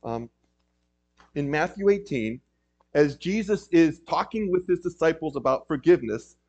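A man's voice: on the high side, lively intonation, moderate pace, a little mellow, husky. A man preaching a sermon in a conversational way, with frequent ums and emphatic rises. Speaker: pastor. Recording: dull lo-fi recording.

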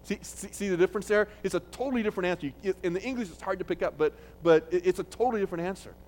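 A man's voice: sits high, racing. Man preaching in a chatty, unscripted way. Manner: conversational preaching with restarts, loud when quoting. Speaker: pastor. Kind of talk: sermon.

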